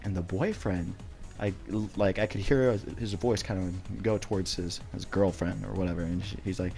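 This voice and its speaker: A man's voice: sits low, steady tone, normal speed, creaky, darkish tone, soft background music. A young man casually telling a personal story, rambling with many restarts and some swearing.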